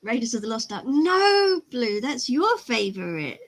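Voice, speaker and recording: A woman's voice: fairly high pitch, animated, moderate pace. A woman hosting a miniature-painting livestream, chatting casually, laughing easily and answering chat comments. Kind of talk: casual live-stream chat.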